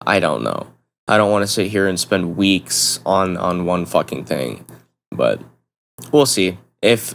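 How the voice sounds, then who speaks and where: A man's voice: lowish voice, slight background noise. A young man talks casually to camera in a blunt, profane, rambling way, often restarting his sentences. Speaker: vlogger.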